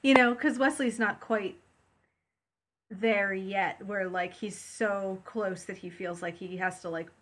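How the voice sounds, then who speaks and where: A woman's voice: medium pitch, fairly even intonation, takes it slowly, fairly bright tone. Chatty woman podcast co-host. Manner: chatty, rambling, frequent fillers. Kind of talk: casual chat.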